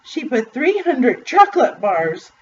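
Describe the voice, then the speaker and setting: Lady reading a kids book aloud, slow and expressive, kinda far off and muffled. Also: high voice. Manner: expressive, deliberate. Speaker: storybook reader. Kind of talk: read-aloud storytelling. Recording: distant muffled recording with faint hiss.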